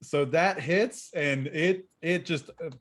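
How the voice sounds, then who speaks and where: A man narrating as game master in a casual, halting way with frequent laughs. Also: a little high. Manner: chatty, halting, laughs often.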